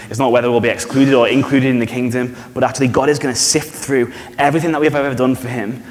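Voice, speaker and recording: A man preaching a sermon in a church, conversational and animated, often asking the congregation questions. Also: mid-range voice, a little fast. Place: church hall. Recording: reverberant church hall.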